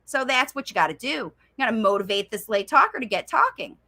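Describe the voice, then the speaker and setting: Bright, lively woman speech coach. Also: on the high side, fast talker. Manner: animated, acts out child's voice. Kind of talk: live Q and A chat.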